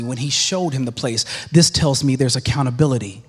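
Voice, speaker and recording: A man preaching a sermon in a church, emphatic and repetitive, often dropping to a hushed low voice for weight. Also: fairly quick, hardly any pauses, husky, long reverb tail. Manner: emphatic, repeats phrases, drops to hushed lows.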